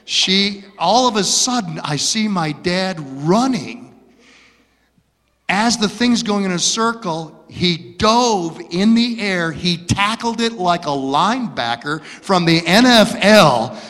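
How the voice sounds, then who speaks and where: A man from Michigan telling stories from his childhood as a preacher, dramatic and swinging from hushed to loud. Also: high voice, expressive, slow pace. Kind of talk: storytelling sermon. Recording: long hall reverb.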